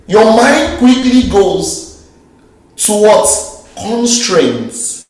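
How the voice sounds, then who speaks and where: A man preaching a sermon, lively and joking, with slang and rhetorical questions to the crowd. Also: sits high, slow pace. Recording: very echoey hall, mic far off.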